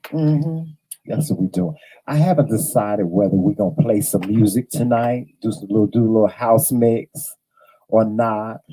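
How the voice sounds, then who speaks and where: A man's voice: mid-range voice, normal speed, warm tone, rough recording. A man in his fifties hosting a livestream from home, talking casually with a drawling, chatty manner and greeting viewers by name. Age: 50s. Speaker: livestream host. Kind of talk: casual chat to a live audience.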